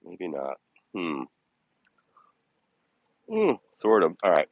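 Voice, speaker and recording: A man's voice: low voice, huge pitch swings, slow, dry recording, narrow, tinny audio. A man live-streaming while walking his dogs outdoors, talking casually and bluntly, with sarcasm and frequent swearing. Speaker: vlogger live-streaming a dog walk. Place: outdoors on a city walking path.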